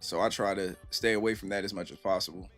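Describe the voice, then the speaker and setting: A man's voice: low voice, steady tone, quick pace, fairly bright tone, soft background music. Laid-back man talking on a live stream. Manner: laid-back and reflective, heavy with "you know what I'm saying"; reads and answers chat. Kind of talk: casual live-stream chat. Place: at home.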